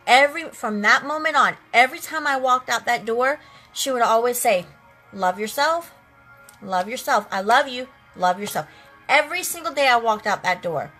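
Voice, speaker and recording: A woman's voice: on the high side, sharp tone. A woman in her late thirties on a makeup livestream, telling a personal story in an earnest, heartfelt way and speaking straight to her viewers. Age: late 30s. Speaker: makeup live streamer.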